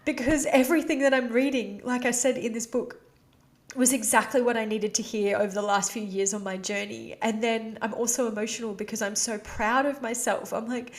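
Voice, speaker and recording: A woman with a fairly high-pitched voice hosts her own podcast and speaks openly and from the heart. Her talk is casual and confessional, full of "you know" and "like". Her voice carries strong emotion as she shares something personal. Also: steady tone, normal speed. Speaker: podcast host.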